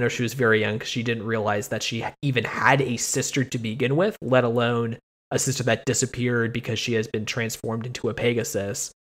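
Male podcast host, animated and profane, mock-indignant rants, mid-range voice. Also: medium pitch. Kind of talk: casual podcast chat.

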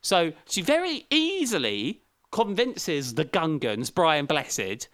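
A man co-hosting a casual comedic film review show, animated and mocking, from England. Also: on the high side, slow. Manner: animated, mocking, does silly impressions. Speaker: podcast co-host.

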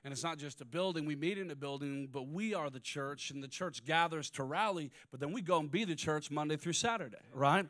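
A man's voice: fairly high pitch, fairly quick, hardly any pauses. Man preaching a fervent sermon. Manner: swings between quiet storytelling and loud, rising preaching. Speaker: pastor.

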